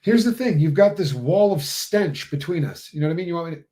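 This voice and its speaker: A man's voice: on the high side, animated, fast talker, warm tone. A man with a Southern US accent co-hosting a casual livestream, with dry, teasing banter. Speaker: livestream co-host.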